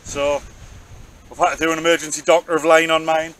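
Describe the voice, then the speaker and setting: A man with a high voice talks in a jokey, chatty way, as if filming himself out on an open beach. Loud wind batters the mic over his talk. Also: flat delivery, brisk, gravelly, poor audio. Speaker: angler vlogger. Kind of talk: casual outdoor vlog commentary. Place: open beach on a windy evening.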